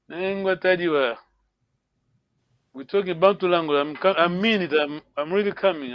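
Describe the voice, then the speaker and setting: A man's voice: high voice, moderate pace, pauses often, no room sound, lo-fi sound. A man teaching a language class online, encouraging students and repeating words often.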